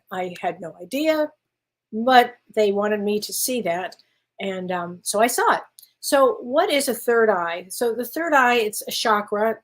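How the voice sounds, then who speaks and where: A middle-aged woman, a spiritual medium hosting her show, telling a personal story in casual chat and acting out the dialogue. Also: medium pitch. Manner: animated anecdote teller who acts out dialogue.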